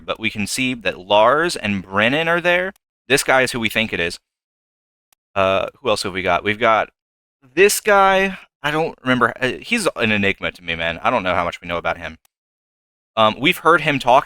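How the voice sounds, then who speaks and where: A young man doing let's play commentary, thinking aloud and hesitating, with sudden excited jumps. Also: on the low side, smooth, no echo. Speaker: gameplay commentator. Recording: faint game music behind.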